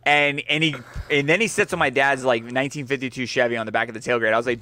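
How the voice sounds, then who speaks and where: Guy hosting a podcast, bright voice, dry sound, swears a lot telling stories. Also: mid-range voice, fast, hardly any pauses, dry recording. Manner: swearing storyteller, laughs while telling. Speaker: podcast host. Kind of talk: casual podcast banter.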